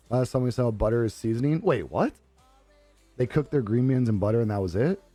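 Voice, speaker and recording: A man's voice: mid-range voice, expressive, moderate pace, dark tone, no room sound. A young man live streaming, chatting casually with his viewers, laughing often and swearing easily. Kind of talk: casual chat reading viewer comments. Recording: dry close sound with faint music behind.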